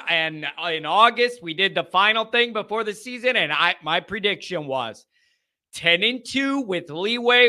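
Man, sports podcast host, high and very bright voice, emphatic and sarcastic commentary.

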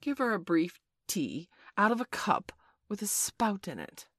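A woman's voice: mid-range voice, very animated, unhurried, fairly bright tone, no room sound, studio quality, voice pushed up. A woman voicing an earnest boy pretending to be a solemn, pompous doctor in a storybook reading.

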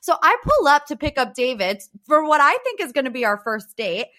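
A woman's voice: sits high, very animated, a little fast, bright, forceful tone. A young woman hosting a podcast, chatting in a giggly, teasing way. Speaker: podcast host. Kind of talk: casual chat.

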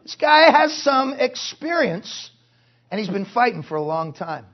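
A male pastor preaching a sermon at a conference, forceful and punctuated with joking asides. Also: extremely high pitch, sing-song, measured pace, muffled recording. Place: conference hall.

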